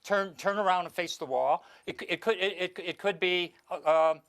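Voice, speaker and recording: A man on stage works a live audience through a mentalism routine, his voice sitting a little high. He talks in a showy, instructing way, often restarting his sentences mid-thought. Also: moderate pace, a bit bright, clean tone. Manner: theatrical, gives instructions, stumbles and restarts.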